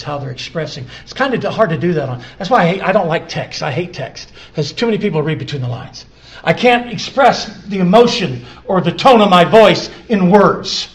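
Man preaching a sermon, slightly high voice. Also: gravelly. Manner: builds from quiet, drawn-out lines to loud, high emphatic peaks; repeats scripture phrases for emphasis.

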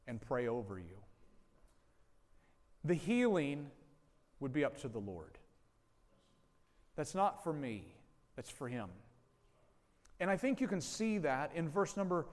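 A man with a high voice delivers a sermon as pastor. He speaks slowly and deliberately, pausing between phrases and pressing on key words. His voice rings out in a hall with a long reverb. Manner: slow, deliberate preaching with pauses and emphatic phrases.

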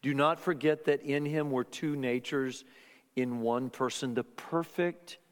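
A man preaching a sermon, earnest and emphatic, sometimes dropping to hushed tones. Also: medium pitch, steady tone, a little slow. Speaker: pastor. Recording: long hall reverb.

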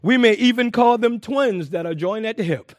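A man preaching a sermon to a congregation, lively and emphatic, with frequent laughs and repeated phrases. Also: high voice, moderate pace, no room sound, clean studio sound.

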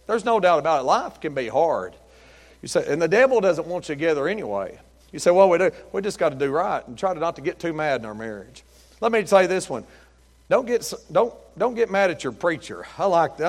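A man's voice: on the high side, gravelly. A middle-aged man preaching a sermon, telling joking, folksy stories as pastor. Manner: folksy, joking, lively storytelling.

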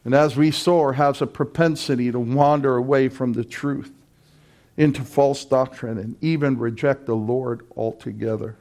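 A man preaching a sermon as pastor, impassioned and emphatic, building to loud repeated cries. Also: medium pitch, steady tone, moderate pace.

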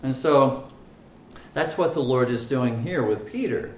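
A man teaching a Bible study, slow and deliberate, with many fillers and stress on single words. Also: mid-range voice, expressive, darkish tone, roomy sound, a little hiss or hum, rough recording.

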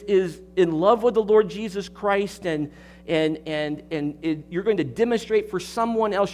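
A man with a high voice preaches from the pulpit in an expository sermon. He is emphatic, circles back on his words and keeps asking the congregation questions. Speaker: pastor.

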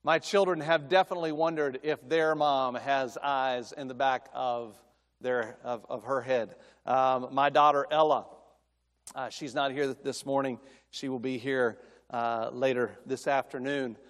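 A man's voice: mid-range voice, fairly even intonation, measured pace. A middle-aged man preaching as a guest speaker, telling folksy family stories that build into emphatic preaching. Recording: long hall reverb.

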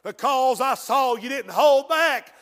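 A man preaching a fervent sermon, dropping to a hush and then rising to shouts. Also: extremely high pitch, expressive, slow pace. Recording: long reverb in a large hall.

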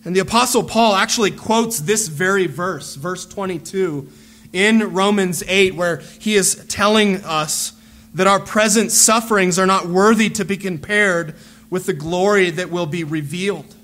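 A man preaching a sermon as a pastor, earnest and deliberate, repeating phrases as he builds a point. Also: high voice, a bit bright.

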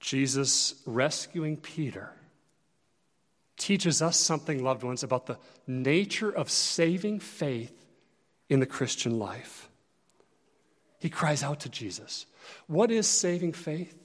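In a large hall where a long reverb lingers after each phrase, a high-voiced pastor preaches animatedly and slowly, leaving long pauses. His sermon is earnest and conversationally direct, and his volume surges and recedes to stress his points.

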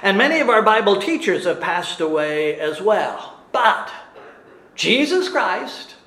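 A man preaching a sermon as pastor, animated and quick to laugh at his own stumbles. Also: high-pitched, reverberant.

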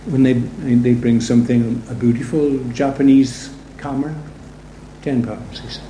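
A man's voice: medium pitch, unhurried, warm tone. A man preaching a sermon in a conversational, storytelling way, full of rhetorical asides. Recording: roomy echo, faint background noise.

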